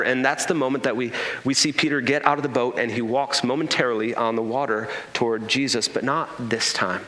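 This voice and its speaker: A man preaching a sermon as a pastor, telling the story in an animated way, acting out quotes and adding humorous asides. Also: mid-range voice, a little fast, few pauses. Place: church sanctuary. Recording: echoey church hall reverb.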